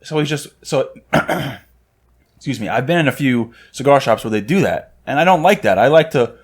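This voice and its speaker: A man's voice: medium pitch, animated, moderate pace, slightly rough. Young man telling a story casually. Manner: storytelling, acting out quotes in a mocking tone. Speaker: podcast co-host. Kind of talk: casual chat.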